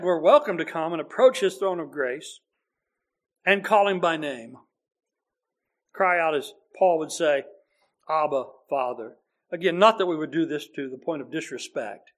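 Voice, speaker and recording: A man's voice: sits high, fairly bright tone. A man preaching a sermon in a conversational, earnest way, building to emphatic repeated phrases.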